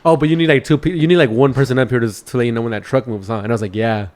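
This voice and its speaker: A man's voice: mid-range voice, fairly even intonation, very fast, a little mellow. A man co-hosting a podcast, telling stories in a casual chat, swearing and laughing as he talks. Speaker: podcast co-host; truck driver.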